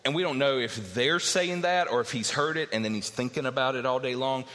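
A man's voice: medium pitch, brisk, fairly bright tone. A man preaching a sermon earnestly, teaching verse by verse and acting out the voices he quotes. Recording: long hall reverb.

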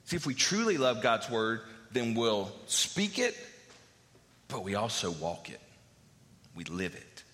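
A man preaches to his congregation in a loose, conversational way, doubling back on his words and dropping in fillers. His voice sits a bit low but carries a bright, forceful edge. The sound rings out with a long reverb, as in a large church. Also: very animated, a little slow, long pauses. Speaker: pastor. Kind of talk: sermon.

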